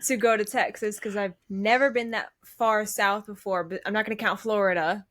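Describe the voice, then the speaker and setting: A woman's voice: mid-range voice, fairly even intonation, normal speed, a bit bright, no echo. A woman with a New England accent, a guest in a casual interview, talking chattily with lots of "um" and "like" and frequent giggles. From northeastern US. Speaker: guest cosplayer.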